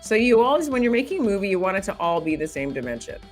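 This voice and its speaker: A woman hosts a casual editing tutorial, thinking aloud as she works and laughing often. Her mid-range voice is very animated and racing, with faint music behind.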